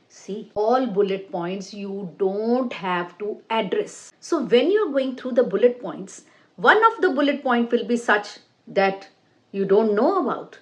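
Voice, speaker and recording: A woman teaching an online English speaking-test lesson, stressing key words with a deliberate, sing-song delivery and direct appeals to viewers. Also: a little high, sing-song. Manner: slow, repetitive phrasing with direct appeals to viewers.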